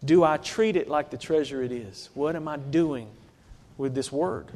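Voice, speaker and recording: A man preaching in a church sanctuary, his voice sitting high for a man. He keeps the sermon conversational and often turns to his listeners with rhetorical questions. The sound rings with a long reverb from the big hall. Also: moderate pace, a little mellow.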